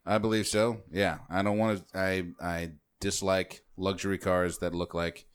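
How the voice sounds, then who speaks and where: A man's voice: low voice, flat delivery, moderate pace, clean tone. A man co-hosting and editing a casual podcast, cracking crude, profane jokes. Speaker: podcast co-host and editor.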